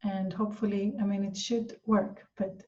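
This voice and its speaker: A woman coaches parents in a calm, gentle way, sometimes voicing the words a parent might say. Her tone is mellow. The recording is a bit distant and muffled. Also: medium pitch, normal speed. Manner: calm and gentle, acting out parent-child dialogue. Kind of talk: answering a viewer question. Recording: dull, slightly distant sound.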